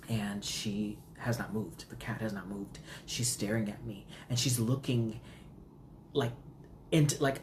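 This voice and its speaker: A woman casually telling a storytime vlog, animated and full of fillers, with big pitch jumps when she quotes herself. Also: slight background noise. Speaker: vlogger.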